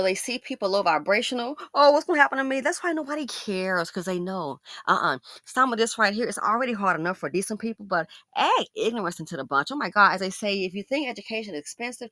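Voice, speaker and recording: A woman hosting a casual commentary monologue, telling personal stories in an animated way and acting out the voices of the people she quotes. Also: fast talker, no room sound. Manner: animated storytelling, acts out quoted voices with big pitch jumps. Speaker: commentary channel host.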